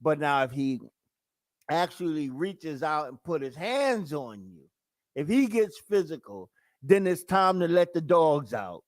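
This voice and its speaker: A man speaking hosts a live talk show, chatting casually with his viewers. His voice sits a little high and he acts out quick bits of dialogue. The sound is dry and close. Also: big pitch swings, no room sound. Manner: conversational, acts out quick quoted voices, repeats himself. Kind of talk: casual live-stream commentary.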